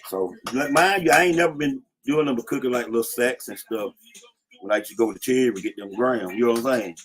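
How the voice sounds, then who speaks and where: A man's voice: medium pitch, fast. A middle-aged man casually telling old street stories, slangy, often saying "you know what I'm saying". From Atlanta, USA. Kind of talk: casual storytelling. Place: in a car.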